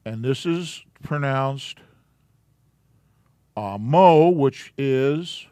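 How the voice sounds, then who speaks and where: A man teaches a live class, taking his time and sounding out each letter patiently. His voice is smooth and clear, sitting a little high for a man, and the sound is dry and close. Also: animated, no room sound. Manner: slow, patient, walking through letters step by step. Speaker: Hebrew alphabet teacher.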